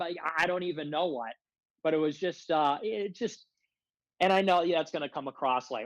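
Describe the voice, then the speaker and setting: A man's voice: on the high side, expressive, a little fast, no room sound, rough recording. A man speaking as a podcast guest in casual conversation. He rants in an aggrieved, rambling way and fills nearly every phrase with "like.". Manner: rambling aggrieved rant, heavy use of filler "like".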